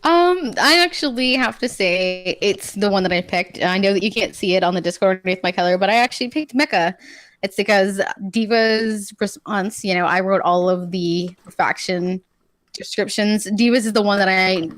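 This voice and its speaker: A woman's voice: mid-range voice, normal speed, fairly bright tone, no echo. A woman guest on a live streamed chat show, talking candidly and laughing easily. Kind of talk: casual chat. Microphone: streaming mic.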